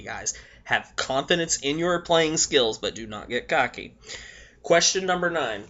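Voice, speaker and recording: A hoarse young man giving blunt, profane tips to his viewers in a casual vlog, coughing between points. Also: medium pitch, pushed and bright. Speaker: vlogger. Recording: dull lo-fi recording.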